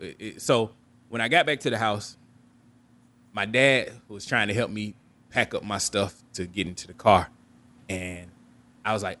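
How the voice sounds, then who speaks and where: A young man with a low-pitched voice tells a personal story on his podcast in a candid, reflective way. He often repeats and restarts his words. He jumps up in pitch to act out his relatives. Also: fairly bright tone. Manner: candid, reflective, acts out quoted family members with raised pitch. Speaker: podcast host.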